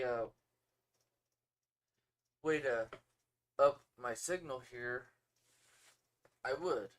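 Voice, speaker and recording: A man co-hosting a casual livestream podcast, talking in a laid-back, shrugging way. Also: mid-range voice. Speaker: podcast co-host. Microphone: phone or home streaming setup.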